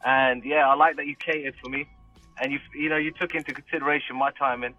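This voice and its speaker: A man's voice: mid-range voice, fairly even intonation, fast, bright, forceful tone, dull audio, faint music behind. A man from the UK, a rapper guest, chatting casually and laughing easily. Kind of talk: casual interview chat.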